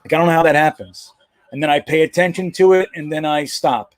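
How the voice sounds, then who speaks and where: This is a casual football live stream hosted by a man whose fairly high voice runs a little fast, captured in a dry recording. He jokes, rambles, and swears a lot.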